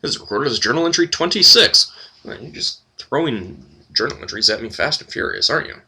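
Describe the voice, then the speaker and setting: A man narrates a retro computer game, reading its text aloud and breaking off for wry, joking asides. His voice is husky yet very bright, and his pitch swings up and down in a lively way. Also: brisk. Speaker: let's play host.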